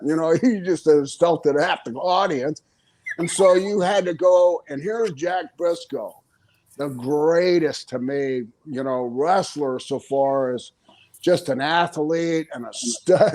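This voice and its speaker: Speaking a little slowly in a voice on the high side, the retired wrestler shares stories as an interview guest, frequently laughing and performing the lines he quotes with lively energy.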